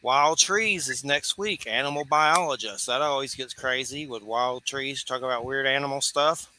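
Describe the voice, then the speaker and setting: A man's voice: medium pitch, moderate pace, pushed and bright, a little hiss or hum. A man, hosting a radio talk show in a loose, rambling way with easy laughs. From Georgia, US. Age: 40s. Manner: loose and chatty, laughs easily, rambling asides.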